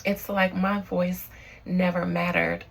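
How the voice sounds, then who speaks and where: A woman's voice: fairly low pitch, level tone, takes it slowly, rough recording. A woman medium voicing a hurt, resentful female spirit during a spiritual channeling session, in a bitter, aggrieved lament.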